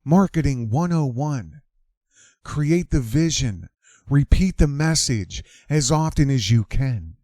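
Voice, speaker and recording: A man's voice: medium pitch, expressive, takes it slowly, mellow, no echo, clean studio sound. A man hosting an opinionated commentary monologue, emphatic and repeating his lines for effect. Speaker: commentary channel host.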